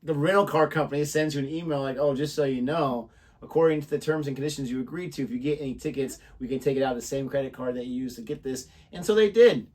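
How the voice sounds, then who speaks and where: A man's voice: mid-range voice, fast, darkish tone, recorded from a distance. A young American man, co-host of a reaction channel, telling a story in casual chat and acting out the voices of the people in it. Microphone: desk microphone.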